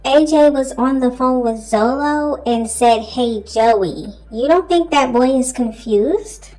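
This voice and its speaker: A woman's voice: high-pitched, slow, dark tone, poor audio. A woman commentator picking apart another creator's claims with pointed rhetorical questions. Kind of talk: commentary on online drama.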